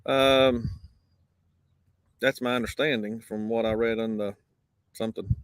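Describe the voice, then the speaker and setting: A man's voice: fairly low pitch, fairly even intonation, a little slow, clear, resonant tone, no echo, clean studio sound. A man hosting a casual live morning show outdoors, easygoing and drawling his greetings to viewers. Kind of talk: casual live-stream chat. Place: outdoors on a windy day. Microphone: basic mic, no wind cancelling.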